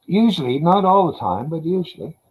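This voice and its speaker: A man's voice: a little high, very animated, fairly quick, slight background noise, low-quality recording. A man in casual chat, telling dog stories in a laid-back, profane way.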